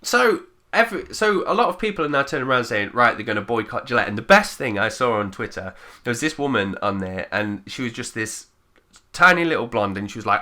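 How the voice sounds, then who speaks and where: A man's voice: medium pitch, lively intonation, a little fast, bright, forceful tone. Blunt, sweary man ranting. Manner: blunt and sweary, mocking impressions of others. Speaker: channel host. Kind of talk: opinionated rant to camera.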